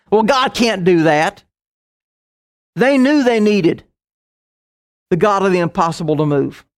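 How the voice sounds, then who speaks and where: Casting: middle-aged male preacher, high-pitched, storytelling sermon with quick asides. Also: lively intonation.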